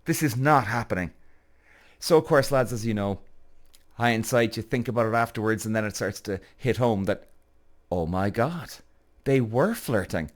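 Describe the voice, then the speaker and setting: An Irish man hosting a podcast, telling a story in an animated, exasperated way. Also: medium pitch, normal speed. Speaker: podcast host. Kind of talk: casual storytelling.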